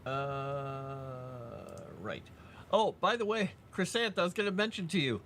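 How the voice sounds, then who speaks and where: A man's voice: medium pitch, takes it slowly, a bit bright, slight background noise. A man streaming live, talking casually to his viewers in a rambling, chatty way, full of fillers and asides.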